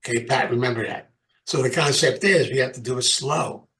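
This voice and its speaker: A man's voice: medium pitch, fairly quick, fairly bright tone, rough recording. Older man giving a motivational talk. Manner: conversational, repeats phrases for emphasis. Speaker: recovery program speaker. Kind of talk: informal motivational talk to a group.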